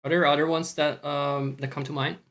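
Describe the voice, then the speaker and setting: A man's voice: on the high side, little pitch movement, brisk, fairly bright tone. A Scottish man chatting casually on a stream, rambling, swearing often and talking to himself.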